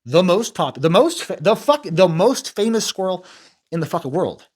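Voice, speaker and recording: A man's voice: high voice, big pitch swings, normal speed. A man hosting a commentary video, ranting in a rambling, profane, self-interrupting way. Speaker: commentary channel host.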